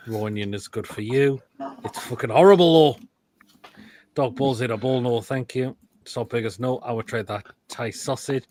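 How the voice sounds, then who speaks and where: A man at a middle pitch, running a live football stream and judging food pictures. He talks in crude, blunt one-liners and breaks into loud outbursts now and then. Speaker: host of a live football show. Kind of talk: live-stream chat reacting to food pictures and reading comments.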